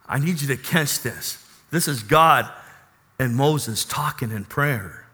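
A man preaching a sermon, animated, reading scripture and then dropping to a soft, intimate tone. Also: medium pitch, a little slow, husky. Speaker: pastor.

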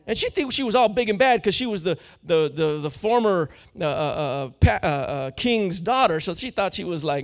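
A man preaching a sermon with fervor, slangy and full of restarts, often building up to shouting. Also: high-pitched, animated, normal speed, creaky, hardly any pauses.

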